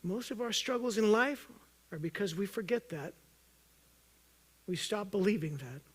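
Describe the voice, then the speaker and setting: A man preaching a sermon as pastor, earnest and urging, at times loud and at times hushed, joking with the congregation. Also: animated, normal speed, husky. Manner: earnest, swings from loud emphatic urging to soft low intensity; jokes with the congregation.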